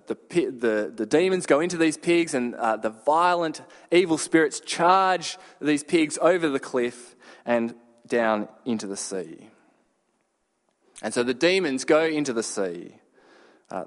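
A man preaching a sermon, telling a story with dramatic pauses and sudden shouted bursts. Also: medium pitch, animated. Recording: long hall reverb.

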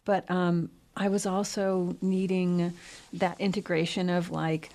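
A woman interviewer chatting casually, rambling with many fillers and quick laughs. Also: lowish voice, level tone, a little mellow. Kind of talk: casual chat.

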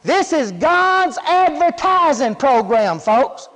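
A man's voice: extremely high pitch, big pitch swings, slow pace, a bit bright, big-room sound, poor audio. A male preacher delivering a folksy, emphatic sermon, often asking the congregation questions.

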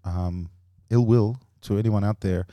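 A man's voice: lowish voice, steady tone, a little slow, no room sound, muffled recording. Dry-voiced man telling rambling stories. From grew up in the US and Australia. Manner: rambling storytelling with frequent laughs. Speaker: comedian guest. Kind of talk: casual podcast chat.

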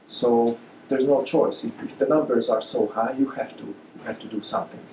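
Man, mellow, echoey hall. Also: medium pitch, a little hiss or hum. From Hungary. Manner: halting, many uh fillers and restarts. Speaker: guest speaker. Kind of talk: lecture Q&A answers. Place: lecture hall. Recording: echoey lecture room.

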